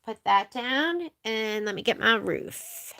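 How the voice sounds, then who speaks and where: Woman, high voice, chatty sewing-shop demonstrator; noisy room with a sewing machine running. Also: lively intonation, slow, gravelly. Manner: chatty, thinking aloud as she works. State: coughing at times. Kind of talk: live machine embroidery demo.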